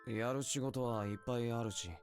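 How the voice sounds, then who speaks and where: A man's voice: medium pitch, fairly even intonation, rapid-fire, close to an everyday voice. An actor voicing a guarded young man, an old friend, speaking curt and terse lines in a game. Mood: grave. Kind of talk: game voice acting. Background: soft mallet music.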